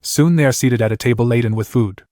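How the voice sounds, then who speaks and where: A man narrating a comic story recap in a scripted, even storytelling read. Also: mid-range voice, fast, no echo, studio quality.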